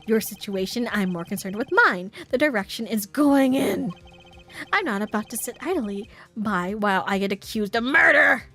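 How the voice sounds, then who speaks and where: A woman's voice: medium pitch, animated, sharp tone, soft background music. A woman reading as a formal young prosecutor, Miles Edgeworth. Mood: measured. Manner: measured, polite, firm.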